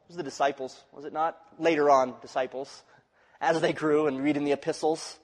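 Man preaching, slightly higher voice, dramatic loud-soft delivery, long hall reverb. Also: steady tone, a little fast. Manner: dynamic preaching, swinging from loud rises to quiet drops. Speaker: pastor. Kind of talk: sermon.

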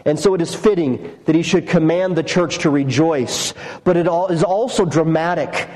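A man's voice: on the high side, normal speed, darkish tone, big-room sound, low-quality recording. A man preaching a sermon, earnest and emphatic, building points through repeated phrases. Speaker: pastor.

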